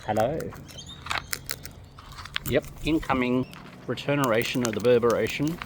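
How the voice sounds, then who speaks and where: A woman with a low voice talks to the wild parrots around her in a playful, coaxing tone. Her delivery is slow, and her pitch leaps about as she slips into sing-song baby talk. Clear outdoor noise runs under the whole recording. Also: lively intonation. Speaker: wildlife vlogger feeding wild birds. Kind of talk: casual talk to birds. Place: outdoors among feeding parrots.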